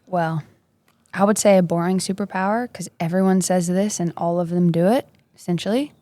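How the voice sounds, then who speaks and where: A woman's voice: fairly low pitch, normal speed, mellow, no echo. Upbeat young woman, chatty. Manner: upbeat, chatty, laughs easily. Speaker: basketball player, podcast guest. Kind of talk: casual interview chat.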